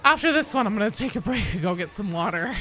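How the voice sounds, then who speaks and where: Woman game streamer, lively and bright, cussing and chatting mid-play, faint game music under her. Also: mid-range voice, fast. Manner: animated, swears freely, talks to chat while playing. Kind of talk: casual live-stream chat while gaming.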